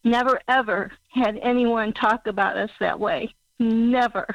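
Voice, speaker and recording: Older woman caller from Missouri, emotional and halting, higher-pitched, on a dull phone line. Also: steady tone, no room sound. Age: 60s. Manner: halting, emotional, searching for words. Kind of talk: call-in talk show caller. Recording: muffled phone call.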